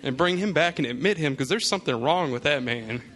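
A man's voice: a little high, animated, brisk, fairly bright tone. A man voicing a blunt hospital nurse who teases and exclaims. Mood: teasing. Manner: exclaiming, teasing.

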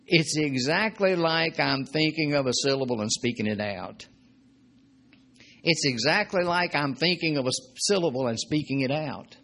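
Man, preacher, sermon teaching, husky rough voice, slightly high, chatty, repeats himself. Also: expressive, moderate pace, a bit bright. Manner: conversational, joking, repeats points.

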